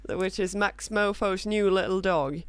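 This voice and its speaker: A woman's voice: medium pitch, unhurried, clear, resonant tone, no room sound. A woman co-hosting a casual podcast, playful and giggly, laughing often as she talks. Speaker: podcast co-host.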